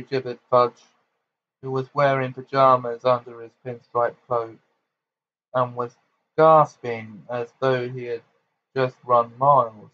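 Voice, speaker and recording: A man reading a novel aloud in plain, steady narration with small slips. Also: medium pitch, takes it slowly. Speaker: audiobook reader. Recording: slightly muffled home recording.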